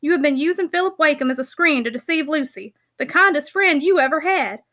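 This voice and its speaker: A woman reading the lines of a stern, unforgiving young man in an audiobook, with a harsh, accusing delivery in her own high, bright voice. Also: lively intonation, a little fast. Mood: cold accusing. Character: stern older brother, cold and unforgiving.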